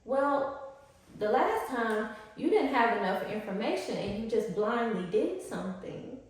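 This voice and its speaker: Animated woman coach in echoey room. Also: unhurried, recorded from a distance. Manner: animated, slangy, acts out high-pitched quotes. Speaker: spiritual life coach. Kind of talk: casual teaching to camera.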